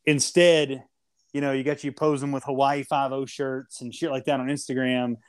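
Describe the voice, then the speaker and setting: A man's voice: mid-range voice, little pitch movement, moderate pace, smooth. A man co-hosting a casual podcast, ranting and joking with lots of swearing and mock insults. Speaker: podcast co-host.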